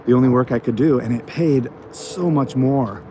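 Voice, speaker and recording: A man's voice: mid-range voice, moderate pace, noisy background. An American man recovering from a cold, hosting a casual walking vlog and telling stories in a rambling way with many fillers. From United States. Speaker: channel host. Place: outdoor botanical garden on an evening walk.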